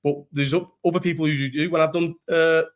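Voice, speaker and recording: A young Scouse man talks at a quick clip on his live stream, tumbling through loose, rambling thoughts. His voice sits a little high for a man, and he swears freely and keeps starting over mid-sentence. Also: fairly even intonation. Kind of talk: casual live-stream chat.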